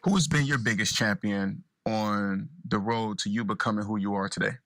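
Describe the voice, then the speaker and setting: A man's voice: on the low side, steady tone, normal speed, a bit bright, soft background music. Upbeat male podcast host. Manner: upbeat, short affirming replies. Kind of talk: interview host and read sponsor spot.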